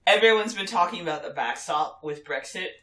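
A woman co-hosting a podcast, a teacher talking in casual, emphatic bursts and swearing freely. Her voice is bright and clear, and the room adds a noticeable echo. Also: fairly low pitch, lively intonation, a little fast. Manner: emphatic, opinionated, swears, repeats words. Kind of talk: casual chat. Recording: roomy echo.

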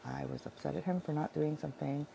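Rambling woman with heavy vocal fry. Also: deep voice, fast talker, dark tone, slight background noise, rough recording. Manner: rambling, filler-heavy, self-correcting. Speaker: vlogger sharing Bible devotions. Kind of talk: casual devotional chat.

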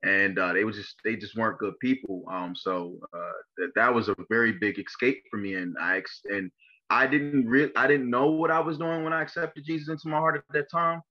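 A young man from Maryland telling his life story in an interview, halting and full of fillers and restarts. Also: medium pitch, fairly even intonation, lo-fi sound. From Maryland, USA. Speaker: interview guest. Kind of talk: personal testimony interview.

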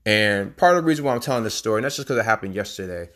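A man's voice: fairly low pitch, expressive, racing, fairly bright tone. A man hosting a podcast, talking in a casual, rambling, emphatic monologue. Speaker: podcast host.

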